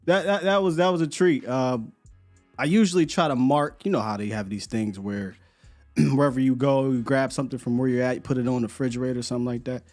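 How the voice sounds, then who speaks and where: A man's voice: mid-range voice, fast talker, a little mellow, faint music behind. Laid-back man hosting a sports show. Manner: loose, laughing, repeats words. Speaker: sports podcast host. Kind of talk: casual live-stream chat.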